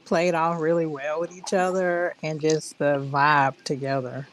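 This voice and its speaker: A woman's voice: deep voice, flat delivery, a little slow, a little hiss or hum. A woman co-hosting a movie review podcast, chatting casually and retelling scenes with animation. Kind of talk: casual chat.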